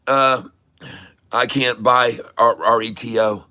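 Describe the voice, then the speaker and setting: Playful male stream host; unhurried delivery, bright tone. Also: mid-range voice, fairly even intonation, no room sound. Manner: playful, jokey hype with kiss sounds and joke French and Spanish; chart-pointing teacher, addresses viewers as folks. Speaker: stock-trading stream host. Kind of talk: live trading stream commentary.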